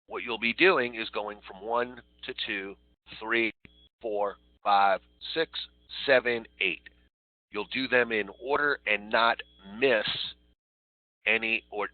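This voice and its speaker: A man's voice: fairly low pitch, dry recording. Guy walking new call agents through the steps, thin phone-line sound, dry. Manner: repeats "all right" and "so" while walking through steps. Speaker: call center trainer. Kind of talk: instructional training talk. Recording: tinny phone-like recording.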